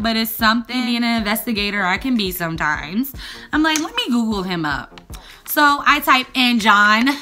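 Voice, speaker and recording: A young woman telling a lively storytime vlog, calling out to her viewers as y'all. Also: fairly high pitch. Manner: animated, addresses viewers as y'all. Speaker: vlogger.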